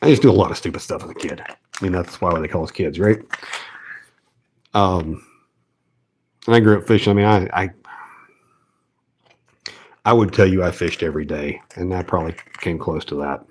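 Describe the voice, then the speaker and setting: A deep-voiced Southern American man hosts a fishing channel, talking casually as he ties rigs. He speaks at a moderate pace with long pauses and a slightly mellow tone, rambling and poking fun at himself with plenty of fillers and restarts. There's a little background noise.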